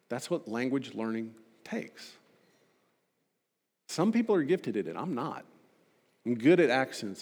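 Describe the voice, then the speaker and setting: A man preaching a sermon as pastor, earnest and emphatic, slowing down to stress key words. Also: mid-range voice, very animated, a little mellow. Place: church hall. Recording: long hall reverb.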